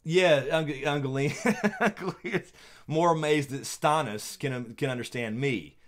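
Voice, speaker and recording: A man's voice: on the high side, a little slow. A man with a Southern American accent hosting a casual livestream chat, rambling, laughing often and full of fillers and restarts. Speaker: YouTube channel host.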